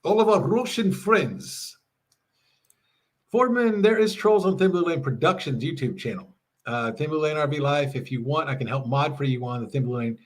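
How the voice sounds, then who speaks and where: A man's voice: mid-range voice, animated, brisk. A middle-aged man hosting a casual livestream, chatting with viewers and reading their messages aloud with frequent laughs. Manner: chatty, laughs often, reads chat aloud. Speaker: livestream host. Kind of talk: casual live chat reading. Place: home RV.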